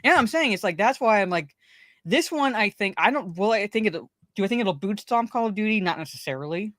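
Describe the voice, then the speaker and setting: A woman's voice: medium pitch, animated, brisk, fairly bright tone, no echo. A woman co-hosting a casual pop culture podcast, rambling, swearing and repeating herself as she talks. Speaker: podcast co-host.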